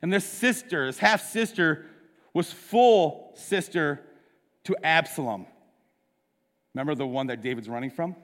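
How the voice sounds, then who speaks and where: Fairly high-voiced man preaching in a reverberant hall. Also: animated, a little slow, long pauses, fairly bright tone. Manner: storytelling, casual retelling with asides. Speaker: pastor. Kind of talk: sermon.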